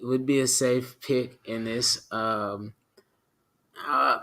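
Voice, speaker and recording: A man co-hosting a podcast in casual chat. His voice is bright and crisp, and he pushes back with easygoing skeptical questions. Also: medium pitch, steady tone, drawn-out words. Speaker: podcast co-host.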